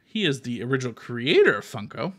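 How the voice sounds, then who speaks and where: A man from Texas tells a story on a podcast in relaxed, profane chat, acting out the voices of the people he quotes. His pitch swings widely as he talks. The recording is close and dry, with no room sound. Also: a little fast, no echo. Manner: swearing, lively retelling with quoted voices. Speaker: podcast co-host. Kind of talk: casual chat, animated storytelling.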